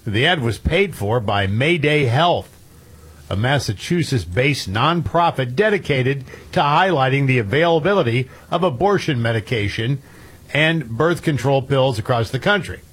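A man's voice: medium pitch, lively intonation, moderate pace, fairly bright tone, slightly rough. A man hosting a talk radio show, casually reading news stories and chatting with some hesitations.

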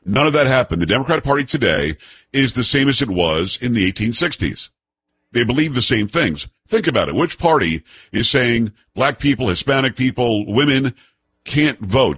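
A man's voice: medium pitch, animated, brisk, fairly bright tone, breathy edge, no echo. A man hosting a talk radio show, speaking in a rambling, folksy monologue with frequent restarts.

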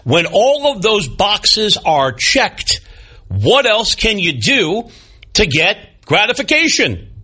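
An older male sports talk host with a bright, forceful voice and a slightly husky edge. He talks with a lively, swooping delivery and rides his pitch up and down. His commentary is opinionated and punctuated with wry jokes at his own expense. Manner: animated, opinionated, with wry self-deprecating asides. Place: broadcast studio. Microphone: studio microphone.

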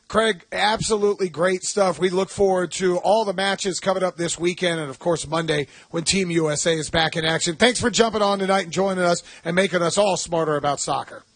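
High-voiced chatty sports radio host. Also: male voice, steady tone, fairly bright tone, dry recording. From Atlanta. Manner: chatty, enthusiastic, quick asides.

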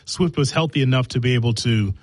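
A man's voice: mid-range voice, fairly quick, no echo. A man hosting a sports talk show in a casual, playful, teasing way, laughing often. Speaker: sports radio host.

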